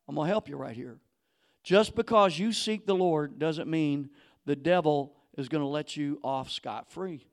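A man preaching a sermon in casual slang, acting out quoted voices and building to fiery shouts. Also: on the high side. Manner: casual street slang, acts out quoted people. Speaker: pastor.

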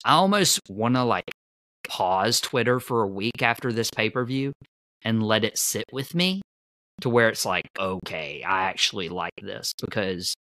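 Bright-voiced podcast host, dry mic. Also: male voice, medium pitch, lively intonation, normal speed, no room sound. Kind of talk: casual podcast chat.

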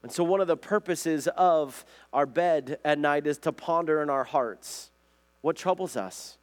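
A man's voice: a little high, a little slow. A man preaching a conversational sermon, earnest and often asking his listeners questions. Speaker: pastor.

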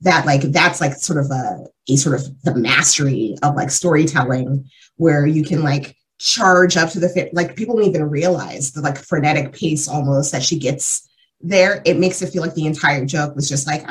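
Woman talking comedy on a podcast, deep-ish voice, rambly thoughtful chat. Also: normal speed, rough recording. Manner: thoughtful, lots of fillers. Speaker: podcast co-host. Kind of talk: casual discussion.

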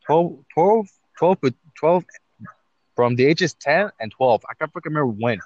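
A man's voice: a little high, animated, moderate pace, no echo, muffled recording. A young man co-hosting a casual podcast, talking in slangy, profane banter and calling his friend "fool" and "bro". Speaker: podcast co-host. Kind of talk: casual chat.

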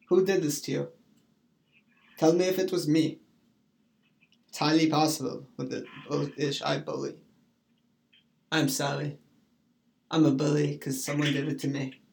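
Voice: medium pitch, fairly even intonation, normal speed, gravelly, pauses often, darkish tone. A streamer rambling in a casual chat, goofy, breaking into sing-song rhymes and silly put-on voices.

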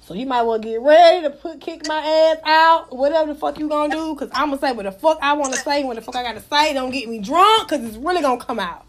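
Brash, profane high-voiced woman. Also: quick pace, few pauses. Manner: brash, profane, mocking, laughs often. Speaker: storyteller. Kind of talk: casual raunchy storytelling.

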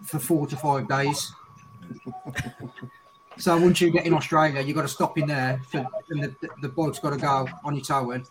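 A man's voice: fairly high pitch, steady tone, moderate pace, noisy background. A man with a Scouse accent, hosting a casual group podcast chat and talking in rambling, swearing sentences. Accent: English, Scouse. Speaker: podcast host.

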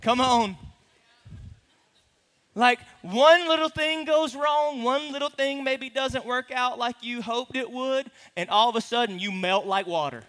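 Pastor, male, animated sermon delivery with playful asides; bright tone, long hall reverb. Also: extremely high pitch, a little slow. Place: large hall with a congregation.

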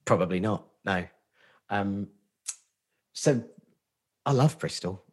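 Podcast guest, male, Portsmouth accent, husky voice, casual and sweary self-deprecating banter. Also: lowish voice, expressive, slow pace. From Portsmouth, England. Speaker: guest, marketing agency founder.

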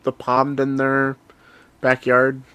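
A man hosts a casual podcast, talking through a plot recap in a relaxed, filler-laden way. His voice sits at a middling pitch and is recorded dry, with almost no room sound. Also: slow pace, clear, resonant tone, no echo. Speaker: podcast host.

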